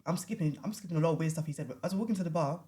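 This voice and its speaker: A young woman with a London accent rattles through a story at a brisk clip. Her voice sits low. She tells it as a casual podcast chat, lively and full of quoted back-and-forth. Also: a crowd in the background. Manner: animated, quoting people in her retelling. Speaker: podcast guest.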